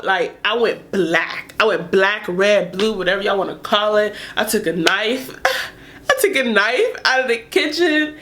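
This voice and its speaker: A young woman vlogger telling a casual story in an animated, profane way, laughing as she goes. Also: medium pitch.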